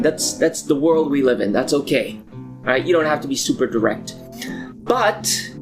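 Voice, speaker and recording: A man hosting a comedic movie commentary, ranting in an exasperated, profane way. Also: a little high. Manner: profane, exasperated, fast-talking. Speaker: host.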